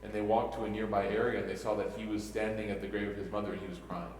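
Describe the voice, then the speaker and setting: Young male imam, low voice, emotional and joking storyteller; distant mic in a long-reverb prayer hall. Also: little pitch movement, rapid-fire, a little mellow, a little hiss or hum. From Egypt (family), raised in Chicago. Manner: emotional, storytelling with jokes and rhetorical "right?". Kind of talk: mosque talk to youth. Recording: echoey hall from far off.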